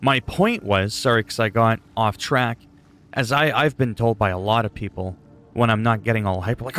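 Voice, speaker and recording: A man's voice: on the low side, normal speed, a bit bright, soft background music. A man chatting casually on a gaming livestream, rambling and goofy, often poking fun at himself. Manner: rambling, goofy, self-deprecating.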